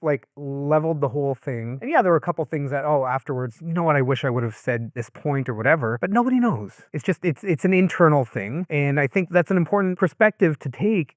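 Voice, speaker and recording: Male podcast host, conversational and relaxed, mid pitch, dry close sound. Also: no room sound. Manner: conversational, reflective, relaxed storytelling. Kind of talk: podcast interview.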